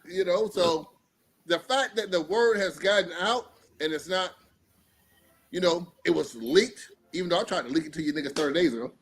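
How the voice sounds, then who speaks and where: A man hosting a casual streamed talk show, speaking in an animated, profane way and acting out quotes. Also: high-pitched, moderate pace, slightly rough. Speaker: podcast host.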